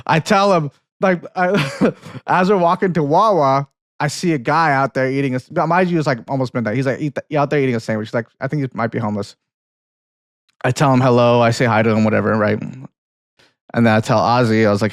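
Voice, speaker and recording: This young co-host of a casual film podcast has a brisk, mid-range voice in a dry, clean studio recording. His chat covers film review and anecdote as he rambles through a story, laughing a lot, cursing freely and restarting what he says.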